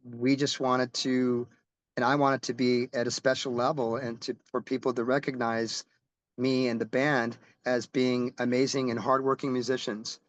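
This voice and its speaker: A man's voice: mid-range voice, flat delivery, normal speed, no room sound, highs cut off. A middle-aged man, a rock musician, telling stories in a casual interview, rambling and restarting as he goes and swearing casually.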